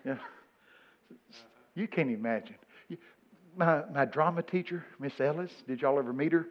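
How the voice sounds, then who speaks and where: A man from Texas with a Texan accent, telling a humorous story to a live audience. He swings from mumbled asides to loud exclamations. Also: a little high, lo-fi sound. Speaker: speaker addressing an audience.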